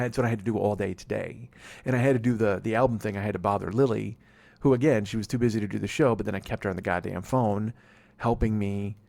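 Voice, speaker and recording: With vocal fry, a fairly low pitch, and a slightly mellow quality, a man in his 40s hosts his podcast by himself. The monologue is relaxed and meandering, laced with swearing and self-mockery.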